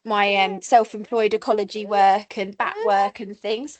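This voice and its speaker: A woman's voice: medium pitch, flat delivery, a little slow. A woman in her thirties with an Essex accent, co-hosting a podcast in chatty, bubbly conversation full of laughs. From Essex, England. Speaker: podcast co-host. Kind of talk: casual chat.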